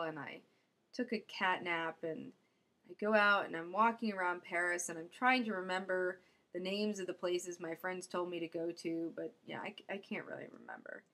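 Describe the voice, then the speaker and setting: A woman's voice: medium pitch, fairly bright tone. A young woman telling a true story about herself in a wry, self-mocking comic manner. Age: young adult. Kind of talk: first-person storytelling.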